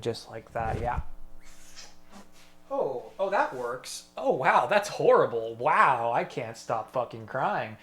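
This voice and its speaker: A man's voice: mid-range voice, fairly bright tone, slight background noise. A man in a rambling solo monologue, swearing freely and talking to himself. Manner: profane, meandering, talks to himself.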